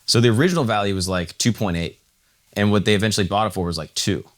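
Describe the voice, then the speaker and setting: A deep-voiced man rattles through a story at a quick clip on a casual podcast. He swears freely and slips into acted-out quotes as he goes. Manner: animated retelling, acts out quotes, swears casually. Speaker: podcast co-host.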